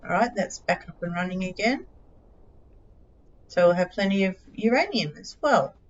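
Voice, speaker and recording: A woman's voice: mid-range voice, animated, normal speed, dull audio, a little hiss or hum. A middle-aged Australian woman streaming a game live, chatting casually in a scattered, giggly, self-mocking way.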